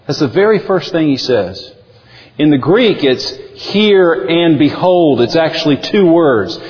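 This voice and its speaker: A male pastor preaching a sermon in an emphatic, animated way. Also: on the high side, a little slow. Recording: dull lo-fi audio with long hall reverb.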